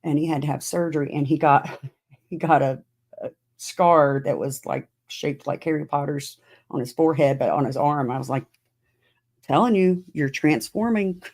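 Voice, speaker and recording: A middle-aged woman podcast host talks at normal speed in a low, steady, slightly mellow and slightly rough voice. Her live-stream chat with viewers is casual, with many fillers as she answers their comments.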